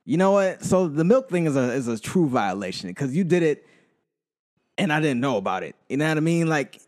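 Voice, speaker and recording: A young man co-hosting a podcast in relaxed, slangy casual chat. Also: fairly high pitch, brisk. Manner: laid-back, slangy, many short backchannels. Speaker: podcast co-host.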